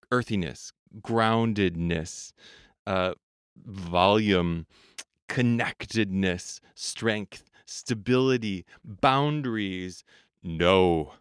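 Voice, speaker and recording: Male podcast host and voice coach, animated and demonstrative, crisp tone, dry booth sound. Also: medium pitch, no echo. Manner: animated, demonstrates singing registers, laughs often. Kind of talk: solo podcast teaching.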